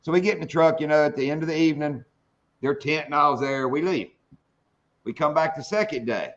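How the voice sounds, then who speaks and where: A man's voice: on the high side, a little fast, a bit bright. Salty storytelling man, dull lo-fi audio. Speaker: fishing show host. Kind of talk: casual storytelling chat.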